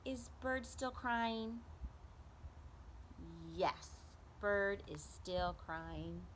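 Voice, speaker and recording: A woman's voice: mid-range voice, very slow, slight background noise. A young adult woman, a preschool teacher, reading a story aloud to children and asking them questions. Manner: animated, asks children questions.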